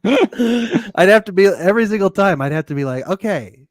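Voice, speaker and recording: A man's voice: high-pitched, animated, normal speed, no echo. Laughing, sarcastic young man on a dry mic. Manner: laughs often, jokey and sarcastic. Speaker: podcast co-host. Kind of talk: casual recap chat.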